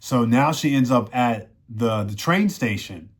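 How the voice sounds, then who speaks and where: A man's voice: mid-range voice, a little slow, slightly rough. A man casually recapping a TV season in a rambling way, full of "you know" fillers. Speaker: show reviewer.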